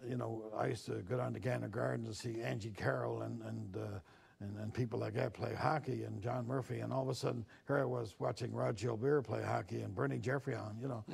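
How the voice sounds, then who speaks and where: An older Newfoundland man, a newspaper columnist, recalls his childhood in a sit-down interview, slipping into the voices of the people he quotes. His mid-range voice is steady, a little fast, darkish and husky, with some vocal fry. He comes across as a reflective storyteller.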